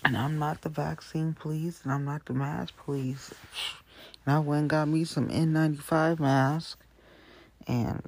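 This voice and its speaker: A gravelly show host with a slightly husky, breathy edge rambles through the day's news in loose, chatty talk. The delivery wanders from point to point and keeps slipping into quiet, hushed asides. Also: medium pitch. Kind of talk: casual news chat. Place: Hamilton County area.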